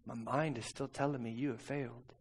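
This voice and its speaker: A man preaching a sermon and telling a personal story, swinging between soft, intimate passages and loud, urgent ones. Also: mid-range voice, fairly even intonation, a little fast, slight background noise.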